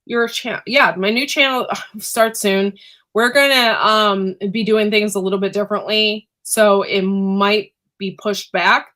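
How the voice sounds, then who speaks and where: A woman hosting a casual livestream. She rambles with many fillers and keeps clearing her throat, which is irritated by pepper fumes. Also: mid-range voice, steady tone, takes it slowly, a bit bright. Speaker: livestream host and homesteader. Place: indoors at home.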